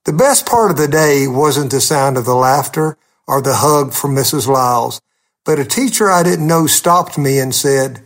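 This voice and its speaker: A man, a humorist, telling a gently funny personal story in a scripted radio segment. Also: medium pitch, normal speed.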